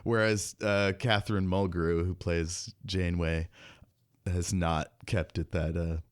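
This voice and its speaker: A man's voice: low voice, level tone, dry recording, clean studio sound. A man hosting a podcast, chatting casually and joking often. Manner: joking, chatty, quick to laugh. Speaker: podcast host. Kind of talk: casual chat.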